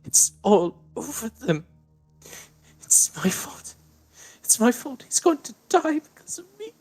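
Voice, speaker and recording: A man's voice: fairly high pitch, lively intonation, measured pace, breathy edge, voice pushed up, heavily acted. A man putting on a frantic, guilt-stricken mother. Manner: frantic, breaking into sobs.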